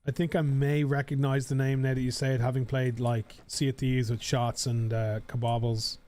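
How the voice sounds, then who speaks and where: A man's voice: mid-range voice, flat delivery, moderate pace, darkish tone. A young man with an Irish accent, chatting casually and rambling while streaming a game. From Ireland. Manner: rambling, chatty, swears casually, frequent fillers. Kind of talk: casual live-stream chat while gaming.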